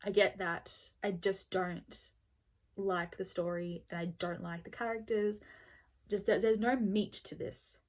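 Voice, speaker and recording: A woman's voice: medium pitch, fairly even intonation, unhurried. Woman, book vlogger, candid and irritated, filler-heavy casual delivery, mid-height voice. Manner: blunt, exasperated, peppered with "like" and swearing. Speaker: book reviewer. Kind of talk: casual book review vlog.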